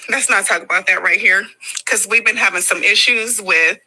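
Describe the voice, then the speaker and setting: A woman's voice: medium pitch, moderate pace, pushed and bright, breathy edge, rough recording. A woman answering questions in a casual interview, hesitant and guarded. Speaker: interviewee in a played clip.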